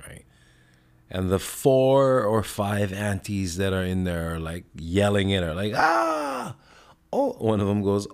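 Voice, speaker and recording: A man hosts his podcast in a loose, casual ramble, with plenty of swearing along the way. His voice sits very low. He wanders from story to story without hurrying. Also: gravelly, darkish tone. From Hawaii. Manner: rambling, heavy swearing, laid-back storytelling. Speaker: podcast host. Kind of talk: casual chat.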